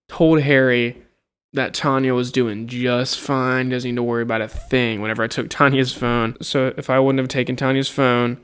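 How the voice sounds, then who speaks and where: A man's voice: medium pitch, fairly bright tone, clean tone. A young man casually recounting a college dorm argument, exasperated, swearing freely and acting out what others said. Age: young adult. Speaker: college student telling a story. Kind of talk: casual storytelling to camera.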